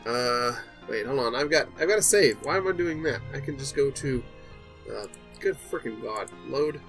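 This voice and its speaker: A man giving casual let's-play commentary, energetic and muttering to himself as he navigates the game. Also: mid-range voice, moderate pace, faint music behind. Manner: energetic, talks to himself while navigating menus. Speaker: gaming youtuber.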